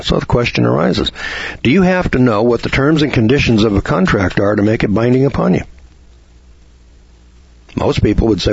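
A man's voice: medium pitch, lively intonation, moderate pace, creaky, pauses often, slightly rough, dry recording, muffled recording. A middle-aged man, hosting a radio lecture, who talks in a folksy way and asks lots of rhetorical questions.

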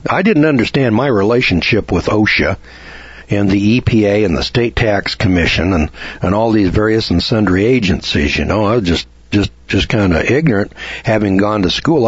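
A middle-aged man lectures on a radio program with a folksy, storytelling manner and plenty of rhetorical questions. His voice is fairly low and husky. The recording is dry and lo-fi. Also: animated, normal speed, no echo.

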